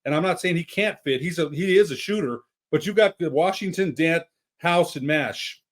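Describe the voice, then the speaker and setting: A man on a sports podcast talking basketball in a halting way, often restarting his thoughts. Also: on the high side. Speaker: podcast co-host. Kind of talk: casual sports chat.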